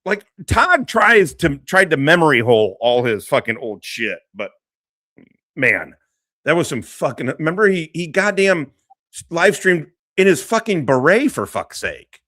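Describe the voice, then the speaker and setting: Lively profane male streamer. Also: a little high, unhurried, no room sound. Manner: profane, laughing, mocking. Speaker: streamer host. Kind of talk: casual livestream commentary.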